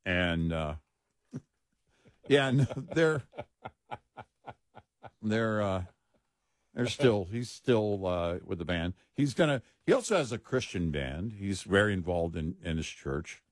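A man's voice: deep voice, expressive, slow, long pauses, no echo, clean studio sound. A man co-hosting a radio talk show, explaining in casual chat and often restarting his sentences. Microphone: studio mic.

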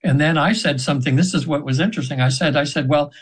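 A man's voice: fairly high pitch, quick pace, husky, low-quality recording. A man in his seventies, a guest on a radio show, telling a long story in an earnest, rambling way with many fillers and restarts. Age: 70s. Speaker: radio guest, spiritual practitioner. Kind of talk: casual radio interview storytelling. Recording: radio interview.

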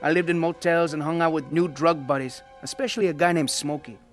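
A man's voice: on the high side, fairly quick, soft background music, close to an everyday voice. An actor playing a blunt, streetwise young ex-gang member who narrates his own story in a radio drama. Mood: reflective.

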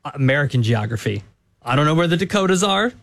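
A man's voice: fairly high pitch, big pitch swings, fast, fairly bright tone. Male radio co-host, stubborn and jokey, argues his point over and over. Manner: argumentative, insistent, jokey. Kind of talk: bantering sports talk. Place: Chicago studio.

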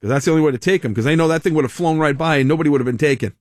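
A man's voice: on the high side, rapid-fire, dry recording, studio quality. A man hosting a talk radio show, delivering a sarcastic, mocking monologue with frequent laughs.

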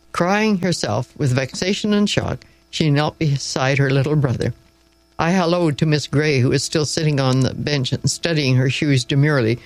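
A man narrating an audiobook in a measured, wry storytelling manner, close to the mic. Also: fairly high pitch, poor audio. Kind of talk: scripted narration.

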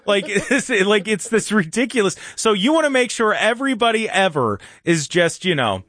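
Man, high-pitched voice, sarcastic, mocking, talk radio host, dry sound. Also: sing-song, a bit bright, dry recording. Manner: sarcastic, mocking with slow sing-song asides. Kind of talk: opinionated call-in radio monologue.

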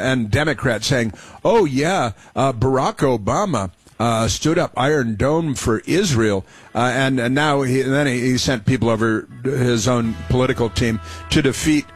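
A middle-aged man hosts a call-in radio show in a rambling, chatty way, stumbling through restarts and fillers. His voice sits at an ordinary pitch. The sound is close and dry, with faint music in the background. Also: no room sound. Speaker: radio talk show host.

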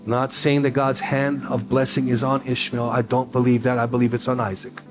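A man's voice: mid-range voice, flat delivery, normal speed, over music. A middle-aged man preaching a sermon as pastor, telling stories animatedly and repeating phrases for emphasis.

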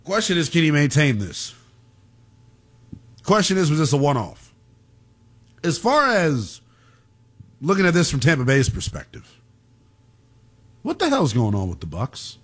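A man hosting late-night sports talk radio with a brash, slangy delivery. His pitch runs a bit high and swings widely as he rants and fields callers. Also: wildly swooping pitch, measured pace, long pauses. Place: radio studio.

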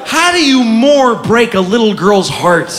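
A middle-aged male comedian with a high, lively voice tells a story in a profane, self-mocking way. His pitch leaps as he talks. Loud audience laughter and club noise surround him. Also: measured pace, in a large hall, a faint crowd. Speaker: stand-up comedian. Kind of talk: stand-up storytelling.

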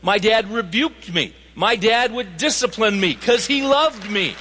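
Bright-voiced preacher man in an echoey hall. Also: high-pitched, lively intonation, measured pace, a faint crowd, a little hiss or hum. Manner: emphatic, storytelling with quoted dialogue. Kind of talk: sermon.

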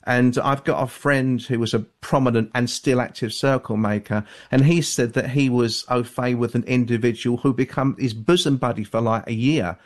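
A man speaking as an author and guest on a call-in radio show, measured and hedging, with many fillers and restarts. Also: mid-range voice.

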